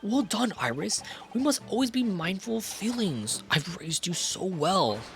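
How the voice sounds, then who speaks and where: A man reading the lines of a refined gentleman detective in a video game, praising his young ward in a proud, gently lecturing way. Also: high voice, big pitch swings, a little slow, gravelly, soft background music, voice pushed up, exaggerated voice. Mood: proud, fond.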